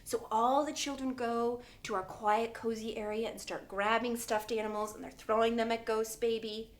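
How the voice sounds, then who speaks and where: A woman preschool teacher telling a story to young children, dramatic and animated, dropping into hushed whispers. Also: a little high, normal speed.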